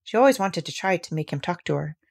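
A woman reading a classic novel aloud with expressive storytelling. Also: on the low side, quick pace, creaky. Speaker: audiobook reader.

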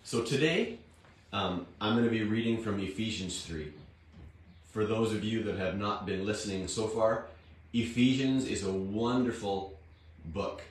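A man hosting a devotional Bible reading, talking in a homely, plain-spoken way with a slightly rough morning voice. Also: fairly low pitch, measured pace, slight background noise. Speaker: devotional host and Bible reader. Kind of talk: slow, unhurried devotional talk. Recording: very echoey room, distant mic, faint guitar.

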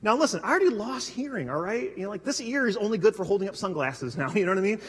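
Male preacher, high voice, husky tone, chatty storytelling sermon, long hall echo. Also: lively intonation, rapid-fire. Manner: conversational storytelling with self-deprecating humor. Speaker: pastor. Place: church sanctuary.

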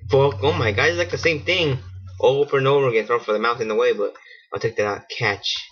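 Male gamer host, excitable and foul-mouthed, husky, dull lo-fi mic with mouse clicks. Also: medium pitch, quick pace. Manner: excitable, swearing, laughing at himself. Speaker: gaming channel host. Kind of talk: casual let's-play commentary.

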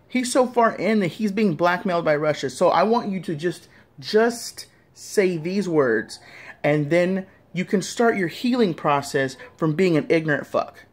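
A man giving an angry, profane rant straight to camera, scolding listeners and repeating himself. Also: high voice. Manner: profane, heated, repetitive, scolding. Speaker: vlogger.

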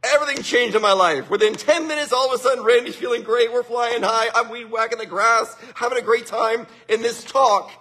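A man hosting a motivational livestream, energetic and laughing often as he greets viewers by name. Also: very high voice, fairly quick, hardly any pauses, a little hiss or hum. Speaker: winery livestream host. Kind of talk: upbeat motivational livestream talk.

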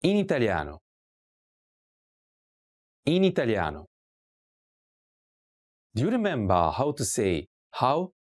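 A woman giving a scripted language lesson, asking slow drill prompts and repeating each word clearly. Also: extremely low pitch, huge pitch swings, darkish tone. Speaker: language teacher.

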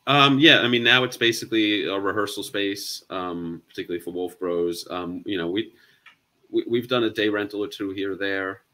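A man chatting casually as a guest, speaking haltingly with many ums and restarts. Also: fairly low pitch, sharp tone. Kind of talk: casual chat.

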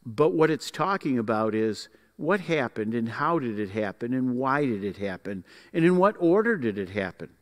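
A man teaching a Bible class in a folksy, explanatory way, pausing often to find his words. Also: mid-range voice, very animated, long reverb tail. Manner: folksy, explanatory, with frequent uh fillers.

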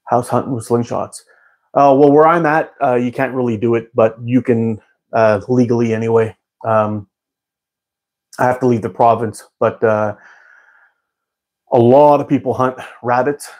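A man's voice: mid-range voice, fairly even intonation, moderate pace, long pauses, a little mellow. A man hosting a live stream, chatting casually with viewers in a rambling way and laughing often. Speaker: live-stream host answering chat.

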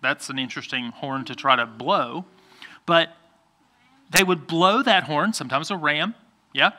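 A man's voice: fairly high pitch, sharp tone. A man pastor giving a playful children's sermon, coaxing the kids by name to join in.

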